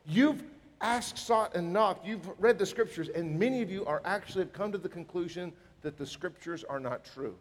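Pastor, male, high voice, emphatic sermon delivery, long hall echo. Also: moderate pace. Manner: emphatic, animated, with mock dialogue. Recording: reverberant hall.

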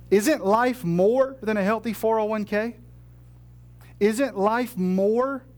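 A man's voice: high voice, a little mellow. A male pastor preaching a sermon in a conversational, humorous way, full of rhetorical questions.

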